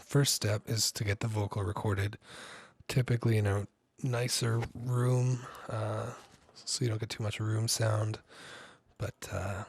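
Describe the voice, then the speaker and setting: A man with a husky, gravelly low voice talks through a music production tutorial in a loose, rambling way. His delivery stays fairly flat, and the recording is dry and close with no room sound. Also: no echo. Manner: relaxed, rambling, frequent ums and likes. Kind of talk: casual screen-recorded tutorial.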